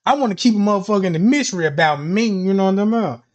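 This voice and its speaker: A man's voice: high voice, lively intonation, very fast, highs cut off. Profane rambling man telling street stories. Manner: profane, rambling, repeats "you know what I'm talking about". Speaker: streamer. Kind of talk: casual street storytelling monologue.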